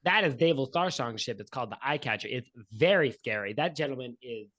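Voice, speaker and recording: A man's voice: medium pitch, expressive, fairly quick, a bit bright, dry recording. A man voicing a nervous, gossipy male boat pilot and cook who rambles with lots of hesitations. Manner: rambling, chatty, full of hesitations.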